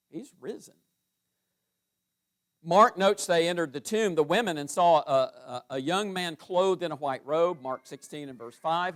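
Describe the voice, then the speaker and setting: A middle-aged man teaching through a Bible passage verse by verse, reading scripture aloud with rising emphasis. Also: on the high side.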